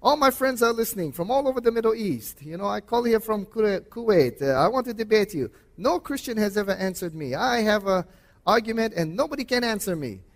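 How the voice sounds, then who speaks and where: Man playing a stubborn radio caller: high, insistent, repeats himself, with long hall reverb. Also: expressive, brisk. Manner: insistent, repetitive, raised voice. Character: pushy male radio caller itching to debate.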